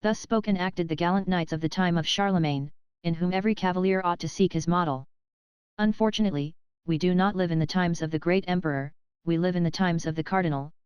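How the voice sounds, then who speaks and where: Very smooth-voiced woman narrating an audiobook. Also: on the low side, dry recording, lo-fi sound. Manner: even, measured reading. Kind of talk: scripted narration. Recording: dry close studio sound.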